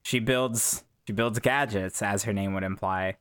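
A man's voice: lowish voice, steady tone, measured pace, a bit bright, clear, resonant tone. A man playing in a tabletop role-playing podcast, rambling through explanations with many hedges. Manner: rambling, hedging with fillers. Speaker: player. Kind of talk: actual-play podcast chat.

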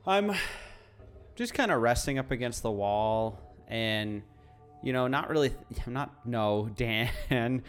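A man's voice: medium pitch, animated, slow, soft background music. A man playing his character in a tabletop game, rambling and laughing often. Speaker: player. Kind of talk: tabletop role-play.

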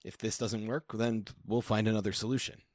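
A man playing a guarded young fighter who speaks tersely, halting and awkwardly kind. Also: on the low side, fairly even intonation, no room sound, clean studio sound, lightly acted. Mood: reassuring. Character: guarded young male fighter, stony but gentle.

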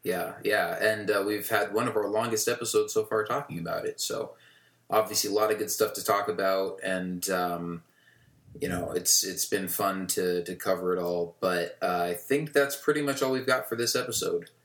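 A man co-hosts a fan podcast, talking casually and rambling with fillers. His voice sits very low. The room lends it a roomy echo. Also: fairly even intonation, moderate pace, a bit bright. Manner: rambling, many fillers and restarts. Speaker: podcast co-host.

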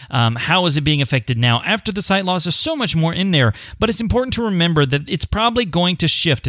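A man's voice: fairly high pitch, fairly bright tone, dry recording, studio quality. A man hosting a podcast, talking earnestly and encouragingly straight to his listeners. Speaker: podcast host. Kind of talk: podcast monologue.

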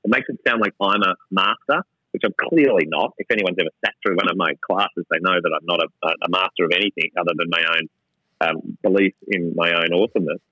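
A man's voice: low-pitched, fairly even intonation, fast, pushed and bright, slightly rough, no room sound, muffled recording. A middle-aged Australian man talking casually and irreverently as an interview guest, mocking himself and restarting often. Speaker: gin company co-founder, guest. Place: gin distillery lab.

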